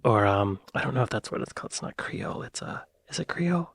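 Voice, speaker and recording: A man's voice: medium pitch, quick pace, breathy edge, no room sound. American man thinking aloud on camera. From United States. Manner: thinks aloud, excitable bursts. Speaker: reaction video host. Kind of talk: casual reaction commentary.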